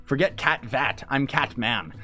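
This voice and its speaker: A man's voice: medium pitch, measured pace, pushed and bright, soft background music. A young man hosting a let's play, commenting on the game in a goofy, joking, casual way. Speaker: gaming channel host.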